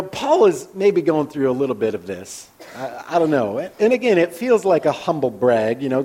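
Slightly high-voiced male pastor, conversational. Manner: candid and personal, often trailing off into soft, hushed asides. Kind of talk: conversational sermon.

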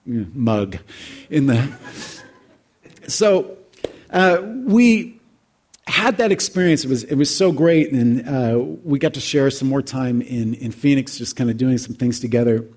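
A man's voice: medium pitch, a little mellow. A man in his forties telling a heartfelt personal story to an audience in a reflective, conversational way. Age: 40s. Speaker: speaker addressing an audience.

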